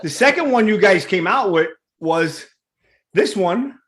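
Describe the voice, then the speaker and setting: Loud chatty new york guy hosting an interview, high voice. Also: lively intonation, unhurried. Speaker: podcast host. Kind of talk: casual interview over a video call.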